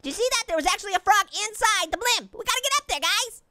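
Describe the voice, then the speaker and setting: Here the host of a gaming let's-play does Annoying Orange, a squeaky, hyper talking fruit and gleeful cartoon prankster, in a full character voice with a hyper, giggly mood. He's goofy and constantly cracking jokes through excited gameplay commentary, sounding animated, quick, bright, and forceful, with no echo.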